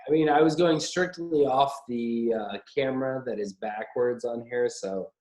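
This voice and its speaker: A man's voice: medium pitch, normal speed, a little mellow. A man hosting a casual late-night chat show, joking and rambling in a self-mocking way. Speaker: host. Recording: roomy echo.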